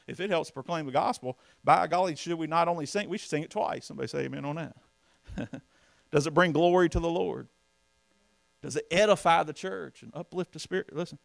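A man's voice: fairly high pitch, a little fast, vocal fry, no echo. A man preaching from the pulpit, folksy and emphatic, often asking the congregation questions. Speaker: pastor. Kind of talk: sermon.

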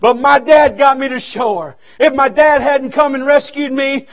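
Preacher guy, real high voice, shouty and folksy, revival sermon in church. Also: moderate pace. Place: church sanctuary.

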